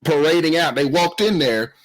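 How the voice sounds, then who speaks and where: A man co-hosting a podcast in casual chat, retelling scenes in an animated way and laughing often. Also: a little high, normal speed. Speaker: podcast co-host.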